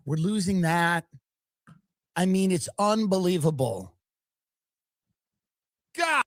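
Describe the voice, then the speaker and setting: A man's voice: high voice, big pitch swings, slow pace, long pauses, dry recording, clean studio sound. A man on a livestream panel reacting to clips in casual, incredulous, mock-dismayed chat.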